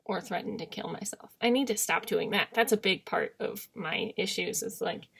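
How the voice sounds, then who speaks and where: Young woman, vlogger, candid rambling monologue, gravelly fry, trails off quietly. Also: on the low side, normal speed, hardly any pauses. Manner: candid, self-deprecating, trails off into murmurs.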